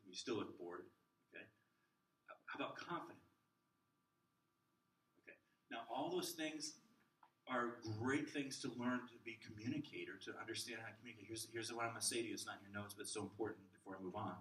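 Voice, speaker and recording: A man teaching a class of children's ministry workers, jumping between loud bursts and soft near-whispers to show how to use the voice. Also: lowish voice, fast talker, slight background noise. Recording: roomy echo, mic at a distance.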